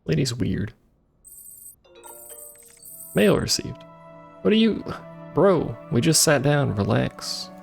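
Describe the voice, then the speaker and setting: Gravelly man chatting over gameplay. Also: medium pitch, very animated, a little slow, a little mellow. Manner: joking, chatty, talks to chat. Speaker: streamer. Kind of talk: casual gameplay commentary. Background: faint game music.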